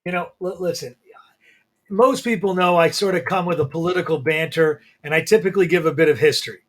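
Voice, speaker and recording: A man with a high voice hosting a sports talk show. He speaks conversationally, setting up the topic and handing the floor to his co-host. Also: fairly quick. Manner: conversational, sets up topics, hands over the floor. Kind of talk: opinion talk podcast.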